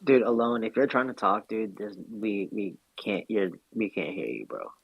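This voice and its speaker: A man's voice: fairly low pitch, expressive, normal speed, vocal fry, breathy edge, dry recording, lo-fi sound. A man chatting casually on a live audio call, laid-back and slangy, stumbling over his words. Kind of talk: casual chat.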